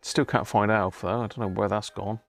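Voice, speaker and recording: A man's voice: fairly low pitch, level tone, a little fast, creaky. A man hosting a casual live stream from his home workshop, chatting loosely, laughing at himself and trailing off with ums. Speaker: radio restoration livestream host.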